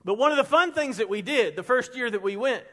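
A middle-aged man preaching a sermon as a pastor, telling stories with energy and dropping to a hush for emphasis. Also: extremely high pitch, fairly quick. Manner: animated storyteller, drops to a hush for emphasis. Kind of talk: sermon with storytelling. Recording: long hall reverb.

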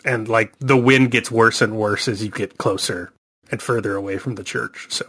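A man's voice: fairly low pitch, fairly even intonation, normal speed, a bit bright, breathy edge. A man narrating a tabletop horror game as game master, with rambling, hesitant descriptions.

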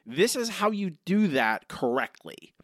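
Male podcast co-host, lively swooping pitch, bone-dry sound, rambling casual chatter. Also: a little slow, dry recording. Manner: animated, rambling with many "like" fillers. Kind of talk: casual chat.

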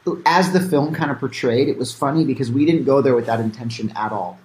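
A man's voice: mid-range voice, fast talker, darkish tone, reverberant. A man, a filmmaker being interviewed, talking casually with many fillers and restarts. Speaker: filmmaker guest.

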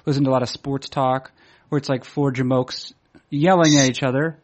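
A man's voice: medium pitch, steady tone, moderate pace. A man from the Boston area chatting casually, rambling and hesitant, with many fillers and restarts, laughing at himself as he tells stories. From Boston area, USA. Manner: self-deprecating, laughs while telling stories. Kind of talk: casual chat.

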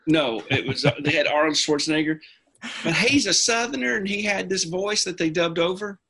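A man's voice: high voice, a little fast, creaky, sharp tone, husky. A man in casual podcast chat, telling long rambling stories with many restarts. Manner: rambling storyteller, restarts a lot.

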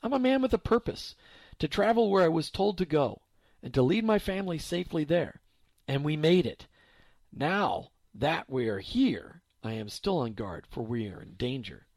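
A man voicing Joseph as a determined, protective husband who speaks firmly in a deeper voice. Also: very animated, moderate pace, a little mellow, no room sound. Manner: firm, deeper voice.

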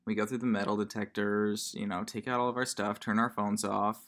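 A man co-hosting a casual podcast chat, telling an animated story and laughing often. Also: fairly low pitch, fairly quick. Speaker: podcast co-host.

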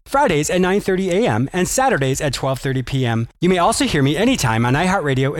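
A man hosting his own podcast and radio show as a psychotherapist, opening with an upbeat, promotional intro and then moving into an explanatory teaching talk. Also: on the high side.

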